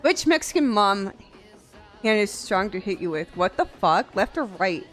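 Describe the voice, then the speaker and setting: A young woman streamer chatting casually on a live stream, animated and quick to laugh, swearing freely. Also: mid-range voice. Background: faint music.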